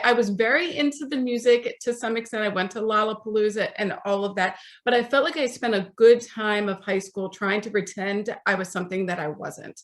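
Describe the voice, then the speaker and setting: A woman's voice: on the high side, a bit bright. A woman in her forties, an author being interviewed, telling stories in a chatty way and acting out the voices of people she quotes. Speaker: author, podcast guest.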